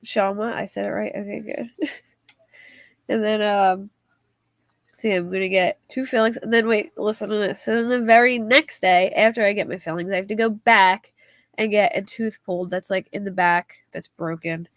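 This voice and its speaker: A woman's voice: mid-range voice, fairly even intonation, moderate pace, no echo. A woman hosting a casual livestream, chatting in a rambling way and reading viewer comments aloud. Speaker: livestream host.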